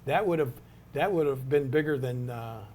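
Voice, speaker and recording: A man's voice: mid-range voice, moderate pace, darkish tone, slight background noise. An older man, telling a long anecdote in an interview with many restarts and asides. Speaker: interview subject, retired wrestler. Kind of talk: storytelling in an interview.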